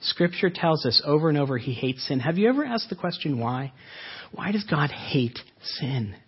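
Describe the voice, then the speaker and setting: A man preaching a sermon as a pastor, earnest, asking the listeners rhetorical questions and slowing down for emphasis. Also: on the high side, lively intonation, slightly rough, highs cut off.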